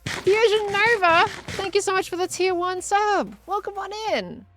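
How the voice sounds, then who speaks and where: A woman's voice: very high-pitched, expressive, measured pace, fairly bright tone, faint music behind. A woman with an Australian accent, chatting casually on a live stream as she builds and answers viewers. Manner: chatty, reads out chat messages and reacts to viewers.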